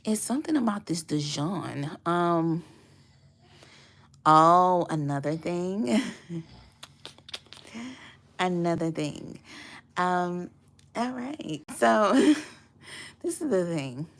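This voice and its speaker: A woman's voice: animated, drawn-out words, pauses often. A woman giving a casual tarot reading to her viewers, chatty and loose, with plenty of fillers and small laughs. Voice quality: low, gravelly voice. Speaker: tarot reader.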